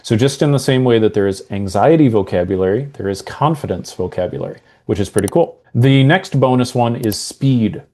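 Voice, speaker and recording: A man's voice: medium pitch, lively intonation, fairly quick, hardly any pauses, a little mellow. A man working as a mental health coach, earnestly explaining ideas with examples and acting out different ways of saying things. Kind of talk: explanatory coaching talk to camera.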